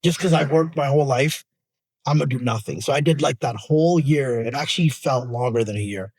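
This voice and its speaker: A man with a Canadian accent, an actor talking casually in an interview, animated and emphatic as he makes his points. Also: a little fast. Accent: Canadian English. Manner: animated, emphatic, rising pitch when making a point. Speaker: actor guest.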